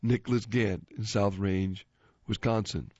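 Husky low-voiced man reading jokes. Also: a little slow, no room sound. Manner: chuckles after punchlines; animated, switches voices for joke characters. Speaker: host reading listener jokes. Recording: dull, dry lo-fi recording.

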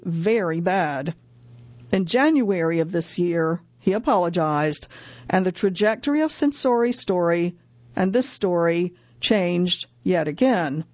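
A woman reading a long magazine feature as scripted narration, in a measured, steady way with the odd self-correction. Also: mid-range voice, no echo. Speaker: article reader. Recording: slightly dull, dry close recording.

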